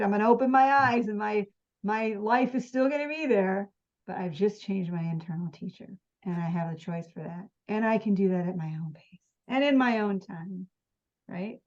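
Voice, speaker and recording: Woman, spiritual teacher, earnest, animated, dull lo-fi sound. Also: mid-range voice, normal speed. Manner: earnest, animated, acts out her own thoughts. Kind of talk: spiritual conversation.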